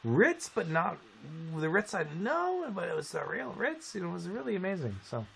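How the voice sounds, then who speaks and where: A man from Canada casually telling a story on a live stream, animated and swearing. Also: high voice, moderate pace, creaky, slight background noise. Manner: animated, swearing storyteller who acts out quotes.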